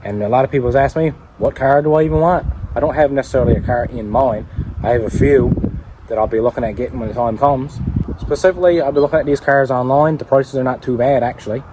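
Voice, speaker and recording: A man's voice: mid-range voice, fast talker, noisy background. A man with a Newfoundland accent chatting casually in a vlog about flipping cars, plain-spoken with dry humour. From Newfoundland, Canada. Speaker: car-flipping YouTuber.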